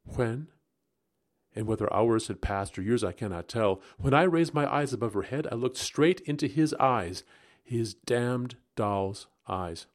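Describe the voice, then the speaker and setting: A man narrating a gothic story aloud in the first person, expressive and rising into agitation at tense moments. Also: mid-range voice, a little slow. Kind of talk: dramatic audiobook narration.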